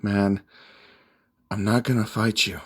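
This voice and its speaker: Brief: brash young hero, swears, blunt and confrontational, low voice, read by a man. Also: little pitch movement, takes it slowly, fairly bright tone, husky, full character voice. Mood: pleading. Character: brash foul-mouthed young male hero.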